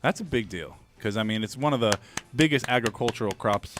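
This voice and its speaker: A man's voice: mid-range voice, brisk, over music. A man hosting a studio radio show, reading cannabis news in a loose, joking way with frequent swearing. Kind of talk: casual radio news banter.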